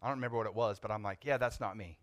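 Man, young adult, preacher, testimony sermon, animated storytelling, hushed to loud, dry close sound. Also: on the low side, very fast, dry recording.

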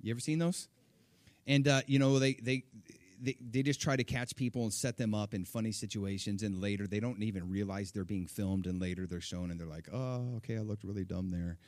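A middle-aged man preaching, telling a personal story with animated, acted-out quotes. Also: lowish voice, fairly quick, dry recording. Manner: animated, acts out quoted voices. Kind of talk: sermon storytelling.

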